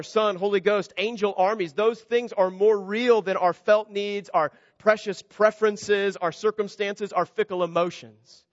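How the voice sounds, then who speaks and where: A man's voice: sits high, no echo, in a large hall, dull audio. A man preaching a sermon, earnest and conversational, asking rhetorical questions of his listeners. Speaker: pastor.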